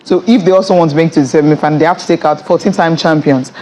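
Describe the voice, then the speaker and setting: Fast-talking Nigerian football pundit. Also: mid-range voice, steady tone, darkish tone. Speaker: sports pundit. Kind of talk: studio sports talk.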